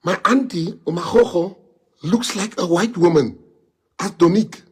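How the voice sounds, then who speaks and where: Husky South African man, impassioned. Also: sits high, moderate pace. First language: Afrikaans. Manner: impassioned, repeats rhetorical questions. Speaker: politician addressing followers. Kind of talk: emotional live-streamed monologue.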